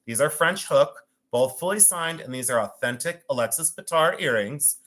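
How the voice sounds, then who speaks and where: A man hosting a live jewelry and art sale stream, talking in a chatty, excitable way with self-mocking banter from a room at home. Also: on the high side, moderate pace. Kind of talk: live-stream selling chat.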